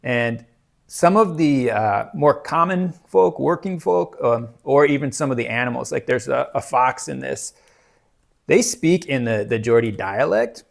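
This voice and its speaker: A man's voice: medium pitch, lively intonation, measured pace, creaky. A man chatting casually about books, rambling with many fillers and restarts. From United States. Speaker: book reviewer. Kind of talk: casual book chat.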